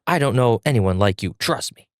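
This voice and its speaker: A man's voice: medium pitch, lively intonation, moderate pace, no room sound, clean studio sound, natural voice. A man voicing an earnest, kind-hearted teenage boy swordsman who speaks firmly.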